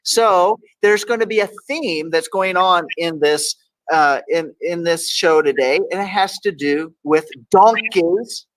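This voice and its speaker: Texan male host, playful quote-reading, slightly high voice, dry close sound. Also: a little slow, no room sound, low-quality recording. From Texas. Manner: reads quotes aloud with playful emphasis. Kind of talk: casual talk show banter.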